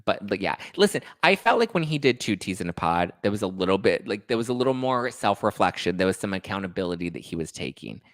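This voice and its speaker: A man hosting a casual chat show, talking in a gossipy, animated way. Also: fairly low pitch, quick pace, few pauses, dry recording, clean studio sound. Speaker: host.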